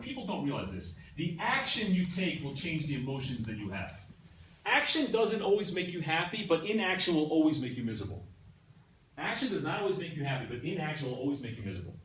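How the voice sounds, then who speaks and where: A man teaching a class in a conversational, animated way, often checking in with his listeners. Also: on the high side, a little hiss or hum. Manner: animated, keeps checking in with "right?" and "yeah?". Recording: echoey room from a distance, faint ambience.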